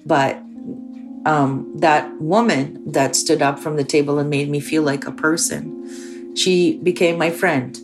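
A woman from the former Soviet Union telling her personal story with emphatic, animated delivery. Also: low voice, takes it slowly, over music. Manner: emphatic, rising when recalling anger.

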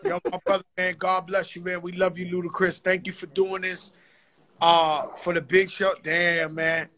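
High, bright-voiced male host. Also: little pitch movement, normal speed. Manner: loose, storytelling, slangy banter. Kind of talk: casual interview chat.

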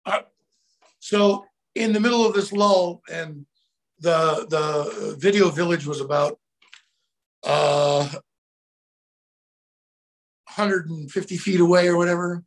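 Middle-aged male guest, gravelly and fairly high, animated storyteller who shouts out his quotes. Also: takes it slowly, long pauses. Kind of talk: casual storytelling.

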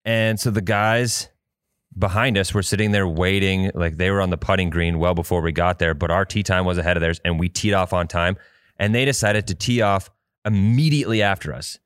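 A man's voice: sits low, brisk, a bit bright, smooth, dry recording, clean studio sound. A man co-hosting a podcast, telling a long rambling story in casual chat and swearing freely. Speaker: podcast co-host.

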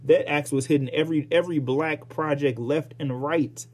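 Male podcast host, solo rant, animated and profane, darker husky voice. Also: a little high, moderate pace. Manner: profane, heated, animated ranting with sighs.

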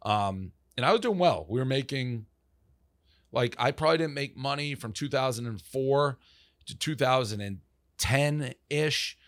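A man's voice: medium pitch, expressive, unhurried, fairly bright tone, dry recording, studio quality. A man, telling stories as an interview guest in a loose, profane way, acting out what people said to him. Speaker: interview guest, media founder. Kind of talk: casual interview storytelling.

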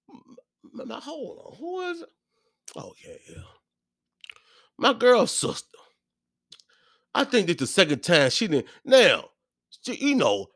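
A podcast host in his thirties with a high-pitched voice launches into a profane comedic solo rant, lurching between loud, heated outbursts and muttered asides. The recording is clean studio sound with no echo.

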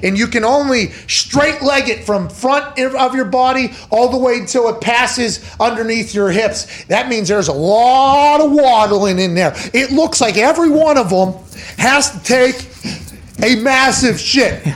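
A man's voice: very high voice, unhurried. A man hosting a sports podcast, telling crude comic stories in a loose, joking way. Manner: animated, crude joking, building comic rants. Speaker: podcast host. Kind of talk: casual sports chat.

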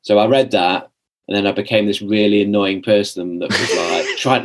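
Pitched on the low side and speaking at normal speed, a young man on a podcast chats his way through a sprawling personal story. Restarts and "like" fillers abound, and he plays out lines he once said.

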